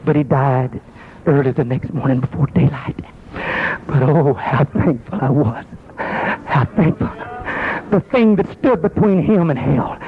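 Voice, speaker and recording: A man preaching a fervent sermon. He tells the story low and steady, then rises to cries and shouts. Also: unhurried, husky. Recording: dull lo-fi recording.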